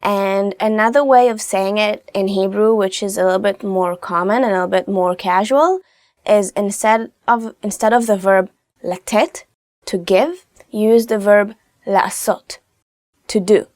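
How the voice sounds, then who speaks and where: A young woman hosting a casual language lesson, chatty and upbeat, slowly modelling phrases. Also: medium pitch, a little mellow, no echo, studio quality. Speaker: language teacher host.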